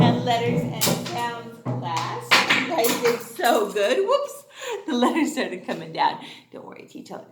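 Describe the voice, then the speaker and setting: With a voice on the high side, a woman kindergarten teacher leads young children through an online phonics lesson. She uses a sing-song style full of gasps and excited exclamations, recorded in an echoey room.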